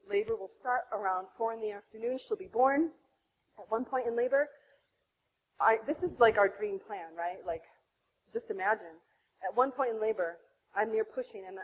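A woman in her thirties sharing her own birth story to other women, animated, acting out her past self. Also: breathy edge, narrow, tinny audio. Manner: animated, acts out her own past voice with big pitch jumps. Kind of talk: impassioned personal testimony.

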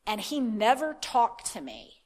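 A woman's voice: fairly high pitch, huge pitch swings, unhurried. A woman preacher giving a sermon, impassioned and repetitive, building lines on each other.

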